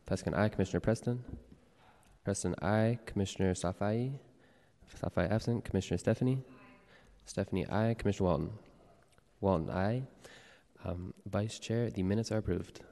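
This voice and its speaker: A man serving as clerk of a public board, calling the roll and reading procedural announcements in a steady, formal way. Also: on the low side, normal speed, long pauses. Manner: steady, formal, read-aloud delivery. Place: legislative chamber in a city hall. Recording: long reverb of a large hall.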